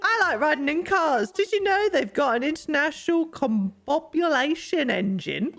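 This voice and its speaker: A woman reading out a goofy male dog villager in a raised, excited voice, gushing and shouting sound effects. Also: high-pitched, normal speed, vocal fry, faint music behind, heavily acted.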